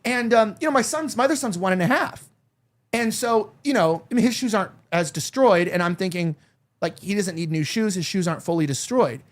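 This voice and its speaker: A man's voice: high voice, lively intonation, a little fast. A man in his thirties hosting a talk show, chatting candidly and rambling with lots of fillers and restarts. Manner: candid, confiding tone. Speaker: show host. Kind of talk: casual chat.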